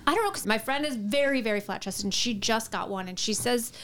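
A woman chatting casually on a podcast, chiming in with quick jokes. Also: fairly high pitch, expressive, a bit bright. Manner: quick, joking interjections. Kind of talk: casual chat.

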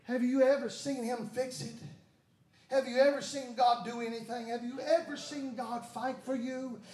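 This male preacher has a high voice that rings through an echoey church hall. He works the congregation with call and response and shouted bursts. His sermon keeps climbing in force. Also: steady tone, moderate pace. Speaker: pastor.

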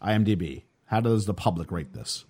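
A chatty North American man leads a casual film discussion, laughing as he goes. His voice is somewhat husky, and his pitch swings widely as he tells stories. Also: a little fast. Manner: chatty, animated, laughs often. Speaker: podcast host.

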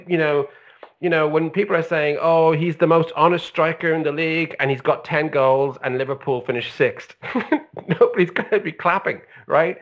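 Brief: man, casual football podcast, swearing ranter, lively pitch swings. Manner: animated, swearing, ranting. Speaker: podcast co-host.

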